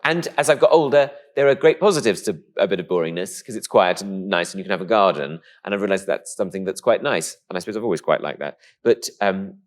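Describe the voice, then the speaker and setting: A man from England with a posh-sounding voice, telling stories in a camp, animated way as a guest in an interview. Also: low-pitched, fast talker, few pauses. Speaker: comedian guest. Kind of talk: casual interview chat.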